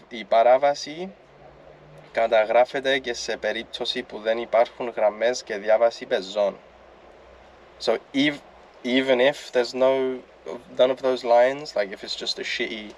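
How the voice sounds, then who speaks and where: Blunt, casual male vlogger with a mid-pitched voice who swears freely and stumbles through read-out text, with faint room sound behind. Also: slight background noise. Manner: casual and blunt, swears, halting when reading Greek aloud. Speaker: vlogger explaining traffic rules. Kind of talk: casual explainer chat.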